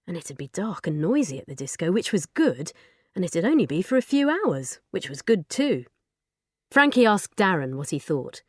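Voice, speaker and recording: A woman narrating a children's storybook in an expressive, lively way. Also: lowish voice, normal speed, dry recording, clean studio sound. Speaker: audiobook narrator.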